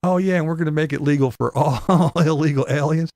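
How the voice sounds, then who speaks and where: Pandering politician as voiced by a man, shrill, sing-song and mocking, dry close sound. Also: a little fast, darkish tone, no room sound, close to an everyday voice. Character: pandering male politician begging for votes.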